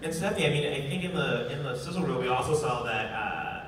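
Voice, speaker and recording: A man's voice: mid-range voice, expressive, fast talker, fairly bright tone, slight background noise. A man moderating a convention panel, asking questions with a curious, hesitant manner. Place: large convention hall. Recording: echoey hall, far mic.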